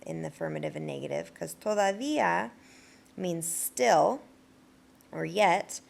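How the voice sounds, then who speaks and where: Gravelly-voiced woman teaching a screencast lesson. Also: fairly low pitch, slight background noise. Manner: explains patiently with frequent fillers. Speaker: Spanish teacher.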